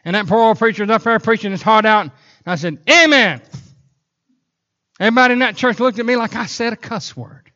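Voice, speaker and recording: A man preaching a sermon in a church, telling animated stories broken up by sudden whoops. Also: high-pitched, fast talker, dull audio. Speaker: pastor. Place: church sanctuary.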